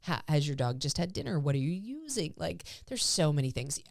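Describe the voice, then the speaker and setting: A woman's voice: sits low, big pitch swings, a little fast, creaky, darkish tone, no room sound, clean studio sound. A woman dog trainer co-hosting a podcast, explaining exercises in casual chat and acting out her dog's thoughts in playful voices.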